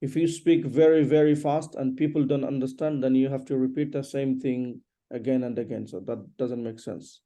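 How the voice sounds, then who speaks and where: A man teaching an English lesson one on one, patiently repeating questions and explaining slowly. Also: mid-range voice, fairly even intonation, warm tone.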